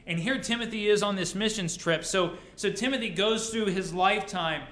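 A man's voice: sits high, moderate pace, fairly bright tone. A male pastor preaching a sermon to his congregation, mixing rhetorical questions with dry humor. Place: church sanctuary. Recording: roomy church echo.

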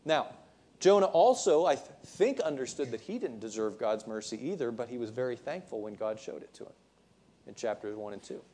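A man's voice: mid-range voice, expressive, brisk, darkish tone. A male preacher giving a sermon, retelling the story conversationally with frequent restarts.

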